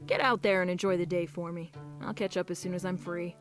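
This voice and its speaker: A woman's voice: lowish voice, fairly even intonation, fairly quick, soft background music, lightly acted. A woman voicing a confident, restless wolfish young student in a game, breezy and self-assured. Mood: wistful. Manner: breezy and self-assured, sighing about being stuck.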